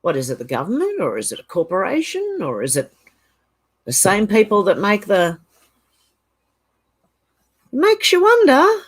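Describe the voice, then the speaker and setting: A woman's voice: fairly low pitch, sing-song, a little fast, slightly rough. An Australian woman hosting a casual livestream, reading viewer comments aloud and rambling through her reactions. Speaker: channel host.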